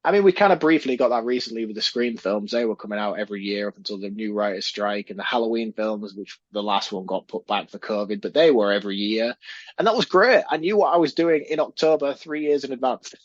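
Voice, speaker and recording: A man co-hosting a film podcast, easygoing and quick to laugh in casual chat. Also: lowish voice, no room sound. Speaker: podcast co-host. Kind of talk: casual chat about films. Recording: dry, dull lo-fi mic.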